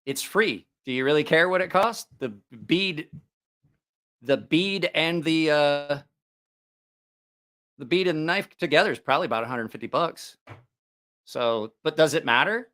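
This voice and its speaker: A man's voice: a little high, unhurried, long pauses, bright, forceful tone. A man hosting a casual livestream about knives, joking, teasing viewers and laughing often. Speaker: knife channel host.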